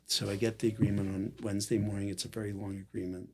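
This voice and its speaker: A man's voice: lowish voice, fast talker. A man telling a long personal story in casual conversation, acting out the lines of the people in it. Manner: animated storyteller acting out quoted dialogue. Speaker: guest.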